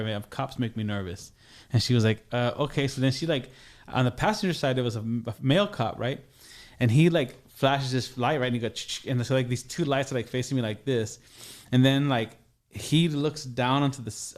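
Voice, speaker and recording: Casting: young adult man, podcast guest, mid-pitch voice, loose storyteller who keeps circling back with fillers. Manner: rambling, heavy on "like" and restarts. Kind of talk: casual storytelling.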